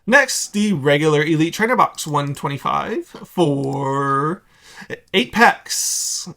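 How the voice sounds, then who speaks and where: A man's voice: a little high, expressive, gravelly, bright, forceful tone. A young man hosting a card-collecting video, giving blunt, sarcastic market commentary in a casual, opinionated way. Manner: blunt, sarcastic, rapid asides.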